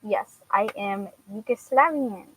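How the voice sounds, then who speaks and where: A young woman chats casually with her viewers, stopping often with fillers. She laughs easily and talks in a relaxed, everyday voice of middling pitch. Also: takes it slowly, breathy edge, rough recording. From Washington, US. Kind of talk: casual chat answering viewers.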